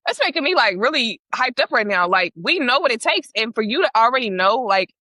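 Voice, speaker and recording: A woman's voice: fairly high pitch, big pitch swings, a little fast, bright, forceful tone, no room sound. A young woman co-hosting a podcast, telling a story earnestly and quoting conversations in casual chat. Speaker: podcast co-host.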